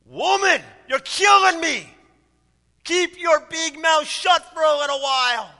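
A man's voice: very high voice, a little slow, bright, forceful tone, long reverb tail, voice pushed up, exaggerated voice. A man playing an indignant husband caught speeding, who protests and stammers. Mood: shouting.

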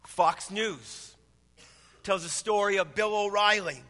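Man in his 30s, pastor, sermon, conversational storytelling, high bright voice, long hall reverb. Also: takes it slowly.

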